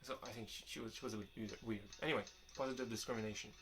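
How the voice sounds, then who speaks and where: Rapid-fire and lowish in pitch, a young man chats through viewer questions in a casual vlog. His delivery is rambling and candid, full of restarted sentences, and he sounds relaxed.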